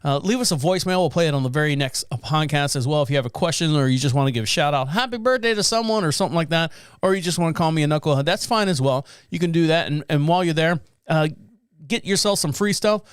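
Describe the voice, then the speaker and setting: A man's voice: fairly high pitch, lively intonation, fast talker, clear, resonant tone, no echo, studio quality. A man hosting a podcast in casual chat, rambling a bit, correcting himself and chuckling as he goes. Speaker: podcast host.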